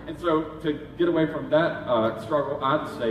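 A man's voice: a little high, moderate pace, music in the background. A man preaching a sermon as pastor, urging and conversational in his manner. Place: church hall. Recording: echoey hall, heard from a distance.

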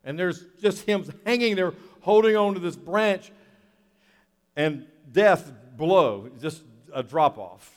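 Male pastor, earnest sermon delivery, slightly high voice, echoey church sound. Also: animated, slow pace. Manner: earnest, repeats key phrases.

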